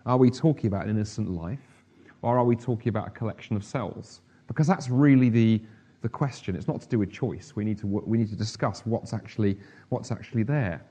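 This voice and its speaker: A man's voice: fairly low pitch, brisk, warm tone, husky. A middle-aged man preaching a sermon in a conversational, humorous way, full of asides.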